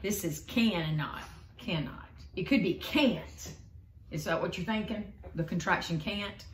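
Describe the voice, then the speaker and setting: A woman reading teacher tutoring one-on-one, explaining slowly and clearly and encouraging her student. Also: on the low side, a little hiss or hum. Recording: echoey room.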